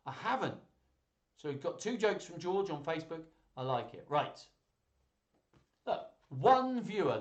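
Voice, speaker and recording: A man hosts a children's live stream, reading out viewers' jokes and laughing easily at them. His voice swings widely in pitch as he chats. The room adds a noticeable echo. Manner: chatty, laughs at jokes, lively delivery. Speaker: host of a live children's joke and story stream.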